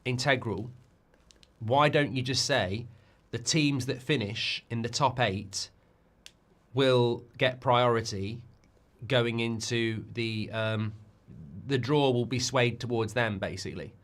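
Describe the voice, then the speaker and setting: This middle-aged man speaks slowly in a mid-range voice while hosting a live football watchalong. He rambles excitedly, repeating himself and restarting his sentences often.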